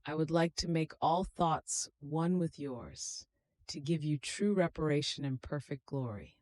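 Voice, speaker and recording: A woman reading a devotional meditation aloud in a slow, solemn, prayerful manner. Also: deep voice, a little mellow, no room sound. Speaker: devotional reader.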